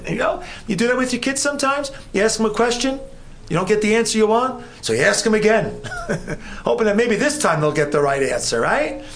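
A male pastor delivering a sermon in a lively, swooping voice. His tone is gravelly and a bit higher than most men's, shooting up when he asks questions. A faint hiss sits under the recording. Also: a little fast. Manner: animated preaching, rising high when voicing questions.

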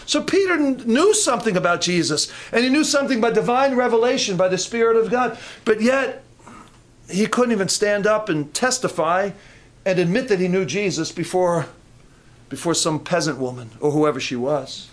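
Man, preacher, high voice, conversational sermon, humorous asides, fervent peaks. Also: moderate pace. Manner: conversational, rising to fervent emphasis; humorous asides, frequent restarts.

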